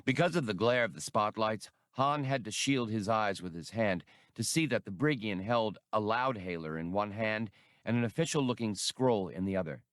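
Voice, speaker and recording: A man narrating an audiobook in a measured storytelling manner. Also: on the low side, no echo, studio quality. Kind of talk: scripted narration.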